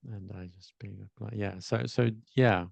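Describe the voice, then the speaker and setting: A man's voice: on the low side, fairly even intonation, gravelly, a little mellow, dry recording, lo-fi sound. A man from London with a London accent, co-hosting a podcast about learning English in casual, hesitant chat. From London, England. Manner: hesitant, repeats words, explains slowly. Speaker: podcast co-host, English teacher.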